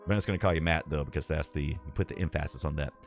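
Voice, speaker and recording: A man's voice: extremely low pitch, fairly even intonation, very fast, soft background music. A middle-aged man from the southeastern US streaming a game live, rambling nostalgically and reading his viewers' chat aloud.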